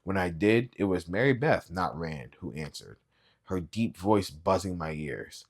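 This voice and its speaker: A man reading a novel aloud as a booktube reader, with quiet, low-key, even narration. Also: unhurried, breathy edge.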